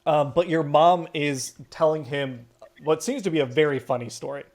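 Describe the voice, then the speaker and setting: A man running a tabletop game as game master, narrating with many pauses and ums. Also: a little high, darkish tone. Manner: hesitant, many ums and uhs.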